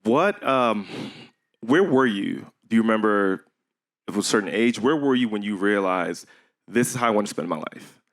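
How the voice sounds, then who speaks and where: A man's voice: on the low side, lively intonation, moderate pace. A man moderating a panel, joking lightly and asking rambling questions. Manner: playful, asks rambling questions.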